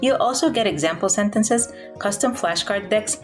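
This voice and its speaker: A woman's voice: mid-range voice, normal speed, faint music behind. A woman narrating a scripted vocabulary lesson in an upbeat, promotional way.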